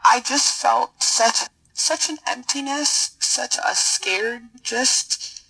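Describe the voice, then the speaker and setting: A middle-aged woman guest telling a personal story in an interview, earnest and halting, often repeating words as she searches for them. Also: fairly high pitch, vocal fry, bright, forceful tone, slightly rough, poor audio. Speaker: podcast guest, military officer.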